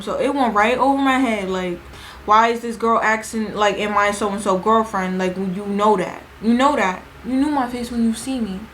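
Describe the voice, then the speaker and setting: A woman's voice: medium pitch, slight background noise, rough recording. A young woman retelling a party story in a chatty, slangy way, acting out what people said. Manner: chatty, animated, slangy retelling with acted-out quotes. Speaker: storytime vlogger. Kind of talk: casual storytime vlog.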